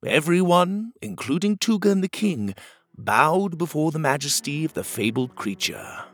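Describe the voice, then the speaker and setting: A man narrating a children's storybook adventure in an expressive, animated way. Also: on the high side, moderate pace, faint music behind.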